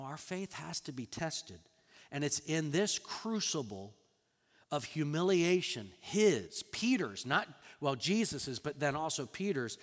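A man preaching a sermon as a pastor, animated, acting out quoted lines with sudden loud bursts and soft drops. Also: on the high side, big-room sound.

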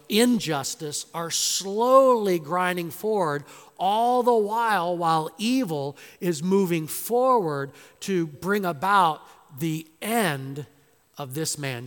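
A man preaching an expository sermon in a church, slow and emphatic, building to loud dramatic quotations. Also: sits high. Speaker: pastor. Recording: long hall reverb.

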